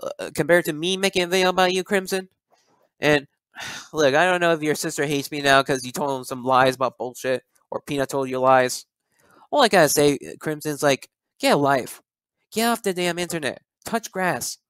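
A man's voice: on the high side, moderate pace, fairly bright tone, clean tone, no echo, studio quality. A young man in a heated, profane callout rant, stumbling over repeated words as he goes. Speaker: video creator.

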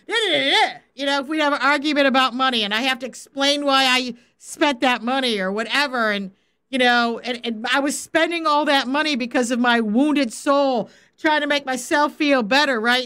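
Teaching the Bible in a laid-back, streamed style, a woman with a high voice comes across as animated and full of easy laughter. She works as a faith coach and Bible teacher, and she slips into brief acted-out quotations to make her points.

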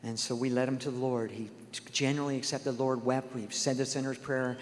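A man's voice: medium pitch, level tone, brisk. Earnest man preaching in a reverberant hall. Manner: earnest storytelling, acts out quoted dialogue. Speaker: guest speaker. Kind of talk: sermon.

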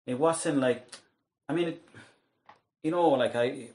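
A man's voice: mid-range voice, a little mellow. An Irish man chatting as a podcast guest, rambling and interrupting himself with restarts. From Ireland. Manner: quick, rambling, self-interrupting. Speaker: podcast guest, actor and comedian. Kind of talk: casual chat.

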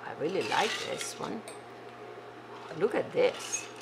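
A woman's voice: fairly low pitch, animated, moderate pace, a bit bright, a little hiss or hum. A woman from Italy, hosting a casual live cooking stream from her home kitchen, chatty and rambling as she talks to viewers. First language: Italian.

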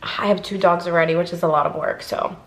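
A woman's voice: fairly low pitch, steady tone, fast talker, reverberant, low-quality recording. A young woman from Ohio chatting casually through a mukbang vlog, rambling with lots of fillers. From Ohio, USA. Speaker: vlogger. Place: inside a car.

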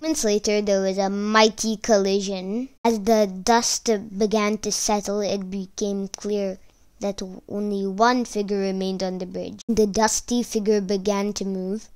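A woman reading a children's fairy tale aloud in an expressive storytelling manner. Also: medium pitch, unhurried, smooth.

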